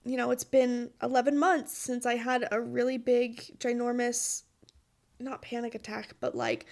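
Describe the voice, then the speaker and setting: A woman in her late twenties hosting a podcast, talking in a personal monologue, emotional and earnest, pleading and laughing through tears. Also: on the high side. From Utah. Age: 20s. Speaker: podcast host.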